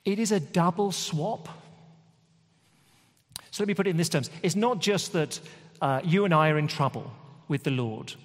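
A man's voice: on the high side, normal speed, long pauses. A man preaching a sermon in a conversational, emphatic way with lots of repetition. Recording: long hall reverb.

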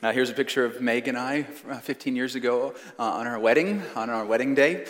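A man in his thirties preaching a sermon, earnest and emphatic, slowing down to stress key phrases. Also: mid-range voice. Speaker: pastor. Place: church sanctuary. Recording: long church hall reverb.

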